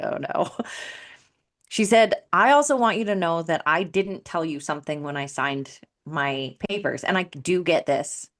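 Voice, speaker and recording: Low-voiced woman telling a story. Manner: animated, acts out quoted dialogue. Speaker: addictions specialist and coach. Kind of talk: casual podcast storytelling.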